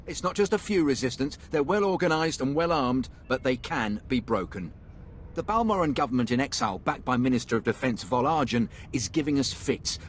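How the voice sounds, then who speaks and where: A self-assured imperial army captain in a video game, acted by a man, talking like a pushy salesman. His voice sits at an ordinary pitch but rises and falls a lot. A faint hiss runs under it. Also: close to an everyday voice. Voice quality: slick salesman-like delivery. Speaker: military officer in a game. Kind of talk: game voice acting.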